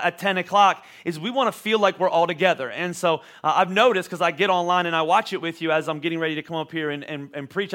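Bright-voiced man preaching casually. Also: high-pitched. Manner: conversational, repeats words as he talks. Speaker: pastor. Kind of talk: sermon.

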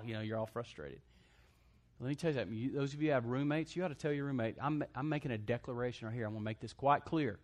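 In a mid-range, slightly bright voice, a male pastor delivers a preachy, call-and-response sermon. He keeps asking the congregation for amens while jokingly acting out quoted voices.

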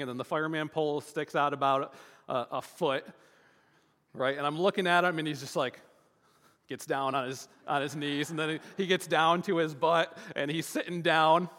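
Man, 30s, slightly high, bright voice; casual rambling storyteller full of fillers; long hall reverb. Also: moderate pace. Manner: rambling, many fillers and restarts. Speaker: father telling a family story.

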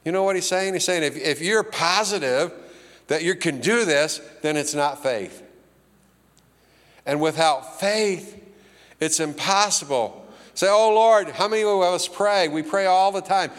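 A man's voice: on the high side, measured pace, fairly bright tone. An older man preaching a sermon with folksy, humorous storytelling and acted-out voices in a church auditorium. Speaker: pastor. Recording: reverberant hall.

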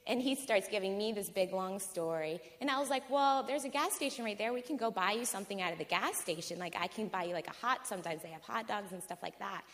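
A woman's voice: mid-range voice, quick pace, few pauses, big-room sound. A woman telling a casual personal story to a live audience, laughing often and acting out what people said. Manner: animated, laughing, filler-heavy storytelling. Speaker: guest storyteller.

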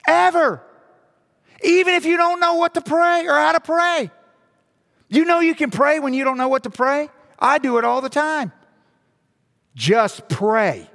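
A male pastor preaching a sermon in an animated way, firing rhetorical questions and repeating words for emphasis. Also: very high-pitched. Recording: long hall reverb.

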